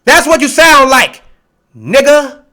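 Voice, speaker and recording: A man delivers a street-style sermon with a high, bright voice. He is blunt and confrontational, cursing freely and mocking his critics between scripture readings. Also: expressive, slow pace. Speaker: preacher.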